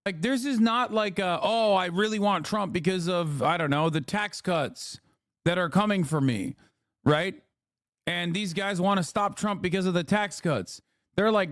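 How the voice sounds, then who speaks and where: Guy streamer ranting and swearing at clips, kinda high voice, dry close sound. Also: a little slow, a bit bright, no room sound. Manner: profane, ranting, sarcastic. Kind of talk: casual livestream commentary.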